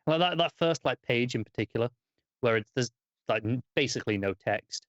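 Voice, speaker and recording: A man's voice: medium pitch, expressive, brisk, no echo. Easygoing man on a slightly muffled mic. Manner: easygoing, with a few restarts. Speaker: podcast co-host. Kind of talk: casual comic review chat.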